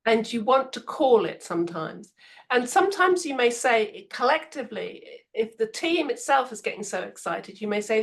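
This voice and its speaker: A woman appears as a podcast guest expert on management, offering advice conversationally. She's a lively storyteller who acts out what people said and laughs often. Her voice is gravelly and fairly high, at a normal speed.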